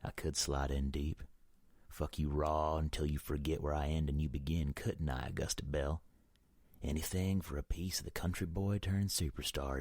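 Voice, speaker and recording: A man voicing a gruff, bitter young male country singer who curses and sneers in an audiobook. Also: a bass voice, a little mellow, no echo, studio quality.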